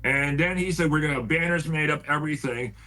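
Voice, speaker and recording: A man's voice: fairly high pitch, fast, sharp tone, poor audio. A man telling a heated story on a video call. He talks casually, stacks up "I said" over and over, and swears when he gets worked up. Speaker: paranormal house owner telling a story.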